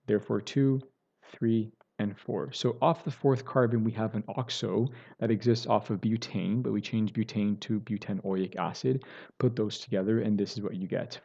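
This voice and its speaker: A man's voice: on the low side, steady tone, normal speed, creaky, dark tone, lo-fi sound. A man teaching a recorded chemistry lecture, explaining step by step and often checking in with "right?" and correcting himself as he goes.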